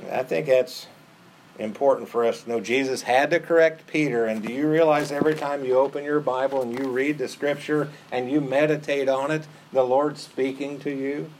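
A man delivers a sermon with a voice of ordinary pitch, neither high nor low. He speaks earnestly and leans on repetition to drive his points home. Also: fairly even intonation, moderate pace, a little mellow, slight background noise. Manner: earnest, repeats phrases for emphasis. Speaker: preacher.

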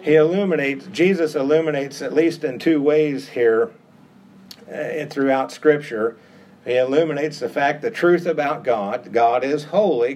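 A man's voice: medium pitch, a little mellow. A middle-aged man preaching a sermon with an emphatic, repetitive cadence that rises on key phrases.

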